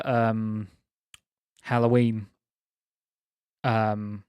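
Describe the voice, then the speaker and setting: A man's voice: mid-range voice, measured pace, no room sound. A young man chatting casually on a live stream, rambling, laughing often and teasing viewers.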